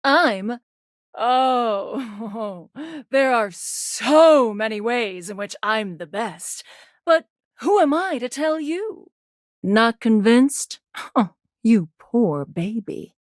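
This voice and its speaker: A woman's voice: on the high side, animated, drawn-out words, no room sound, clean studio sound. An actress voicing a brash, flirty, self-centered female video game character who is teasing and sarcastic but turns insecure. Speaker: voice actor. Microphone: studio microphone.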